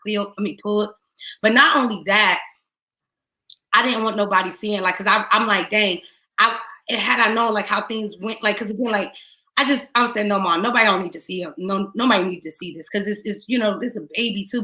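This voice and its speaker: A middle-aged woman tells her own loss as testimony, and her bright, edged voice carries across the space. She moves between hushed, near-whispered pain and sudden loud bursts, and the room lends a noticeable echo. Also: mid-range voice. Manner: raw, tearful retelling with rising outbursts and hushed moments. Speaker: guest speaker. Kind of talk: emotional personal testimony.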